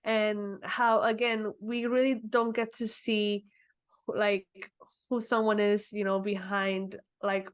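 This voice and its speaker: A woman's voice: medium pitch, flat delivery, takes it slowly. A young woman co-hosting a film review podcast, talking casually with many fillers and giggles. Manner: chatty, lots of "like" and "you know", giggles. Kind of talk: casual movie review chat.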